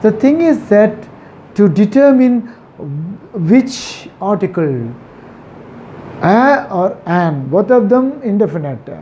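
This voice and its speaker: A man gives a grammar lesson at a slow, deliberate pace, saying important words over and over. The recording sounds slightly dull, with faint passing traffic in the background. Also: sits high, dark tone. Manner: slow and repetitive, stresses and repeats key words. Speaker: English teacher.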